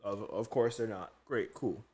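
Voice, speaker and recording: A man's voice: on the low side, measured pace. A young adult man, a chef and podcast co-host, telling a story in casual chat, acting out the people he quotes and often breaking into laughter. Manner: animated storyteller, acts out quotes, laughs a lot.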